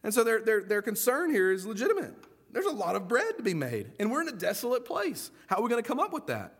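High-voiced man preaching a lively sermon. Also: fast talker. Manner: lively and folksy, acts out quoted voices. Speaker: pastor.

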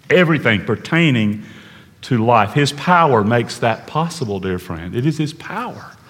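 A man preaching a sermon in an earnest way, slowing down to stress key words and dropping to a hush at times. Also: medium pitch, long reverb tail. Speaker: pastor.

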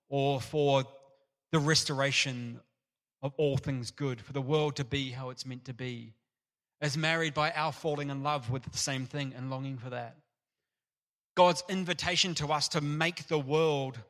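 A man preaching an earnest, animated sermon in a church. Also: mid-range voice. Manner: earnest, animated, acts out parable voices.

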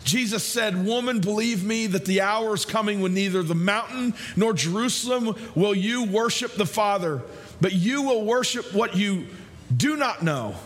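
A man preaching a sermon as pastor, conversational, repeating phrases and slowing down to stress key lines. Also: high-pitched, fairly bright tone.

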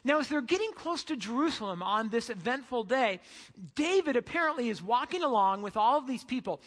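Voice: medium pitch, expressive, fairly quick, big-room sound. A preacher giving a sermon in a casual, storytelling way.

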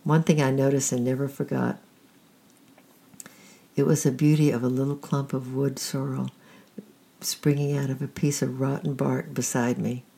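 A storyteller reading a first-person storybook in a quiet, steady way with a creaky, husky voice. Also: mid-range voice, normal speed, pauses often.

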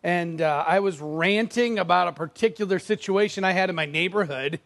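High-voiced pastor, conversational sermon. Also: male voice, moderate pace, creaky, a bit bright. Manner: conversational, self-deprecating, acts out quoted lines.

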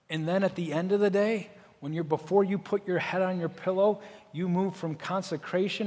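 A man preaching a sermon as pastor, earnest, building to forceful emphasis and then dropping soft. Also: sits high, fairly even intonation, brisk, big-room sound.

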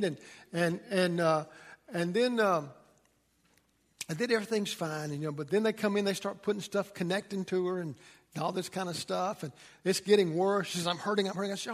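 A man's voice: sits high, brisk, big-room sound. A middle-aged man preaching a sermon to his congregation, telling folksy stories with plenty of fillers and restarts. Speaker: pastor. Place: church.

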